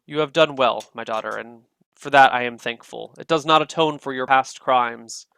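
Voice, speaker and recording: A man voicing a stern, solemn goddess mother who speaks in grave, measured pronouncements. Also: mid-range voice, creaky, a bit bright, smooth, no echo.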